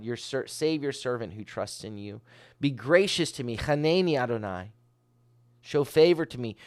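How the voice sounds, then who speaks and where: A man's voice: mid-range voice, clear, resonant tone. Earnest man preaching a devotional. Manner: earnest, swells loud on key phrases then drops soft; reads scripture aloud with running comments. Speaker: rabbi. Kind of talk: devotional sermon.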